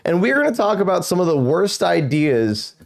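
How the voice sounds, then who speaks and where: A man hosting a podcast in casual chat, telling stories in an animated way. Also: sits high, moderate pace, creaky. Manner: animated storyteller. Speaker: podcast host.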